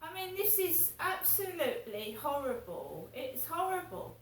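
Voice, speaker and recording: A woman's voice: sits high, very animated, a little slow. A woman vlogging in a rambling, indignant monologue, swearing as she talks. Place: home flat. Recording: roomy echo, distant from mic.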